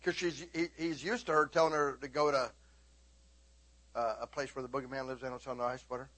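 A middle-aged pastor delivering a sermon in a notably high, husky voice. He tells stories animatedly, keeps asking his listeners whether they follow, and sometimes jumps into loud, high bursts. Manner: animated storytelling, sudden high shouting bursts.

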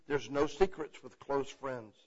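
A man's voice: medium pitch, measured pace. A man teaching the Bible in a loose, conversational way, often checking in with "okay?". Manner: animated, asks for agreement with repeated "okay?". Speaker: preacher. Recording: muffled, lo-fi recording.

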